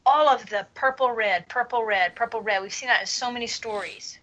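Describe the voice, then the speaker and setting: A woman's voice: on the high side, fairly quick, a bit bright. A woman co-hosting a book discussion podcast, eagerly pointing out patterns in the text. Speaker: podcast co-host. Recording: slightly dull, lo-fi sound.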